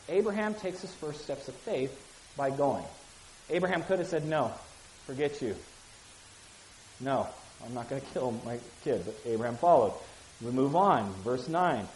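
Woman Bible teacher, lively and conversational, asks listeners questions; echoey room. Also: fairly low pitch, a little hiss or hum. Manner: reads scripture aloud with acted voices, then explains casually; asks listeners questions and repeats key phrases.

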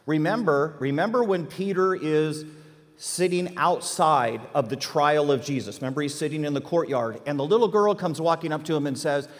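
A man teaching an interactive Bible class, animated and quizzing his listeners with questions. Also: on the high side, a little fast, long reverb tail.

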